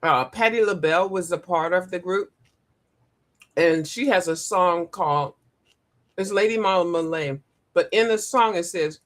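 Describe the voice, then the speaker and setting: A woman hosting a casual livestream, animated, laughing often and breaking into sung and mimicked lines. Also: medium pitch, measured pace, pauses often. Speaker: livestream host. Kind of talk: casual live chat.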